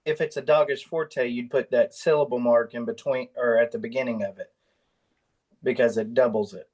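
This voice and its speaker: A man's voice: mid-range voice, steady tone, normal speed, a little mellow. Hesitant male student speaking up in class. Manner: hesitant, searching for words. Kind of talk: classroom question.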